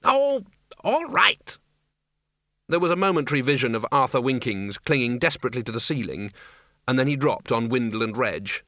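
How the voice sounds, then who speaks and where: A man reading a novel aloud as an audiobook narrator with measured, dry storytelling. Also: mid-range voice, bright, forceful tone, no echo.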